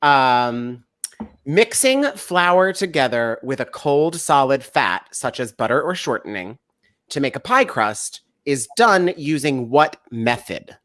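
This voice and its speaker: A man's voice: mid-range voice, very animated, slow, a bit bright, no room sound, studio quality. A man hosting a casual happy-hour show over a video call, reading out multiple-choice quiz questions and laughing easily. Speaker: host. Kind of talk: quiz-style casual chat.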